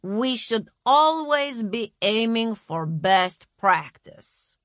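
Woman voicing a slow, lecturing bossy woman. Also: a little high, lively intonation, no echo, pitched above the performer's own voice. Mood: approving. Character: stern bossy woman running a corporate-style session.

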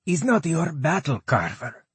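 A tall half-orc woman warrior who talks in short, broken, blunt phrases, as a man puts her on. Raised pitch over a husky grain. Dry and close. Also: big pitch swings, measured pace, a bit bright, no echo, exaggerated voice. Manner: terse, clipped broken grammar.

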